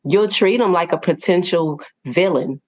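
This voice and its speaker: A woman with a low voice, talking as a podcast guest. She tells her story earnestly and warmly, laughing now and then and tossing in quick "okay?" and "right?" check-ins. Her delivery stays conversational and open. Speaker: podcast guest, parenting coach.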